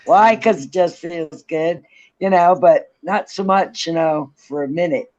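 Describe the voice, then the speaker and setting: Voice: medium pitch, unhurried, a little mellow, highs cut off. A co-host in a casual political livestream, easygoing and laughing often.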